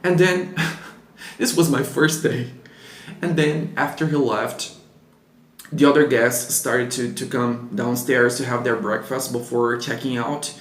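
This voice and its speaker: Portuguese accent guy vlogging, tells his story all animated, echoey room. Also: medium pitch, unhurried. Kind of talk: casual storytelling.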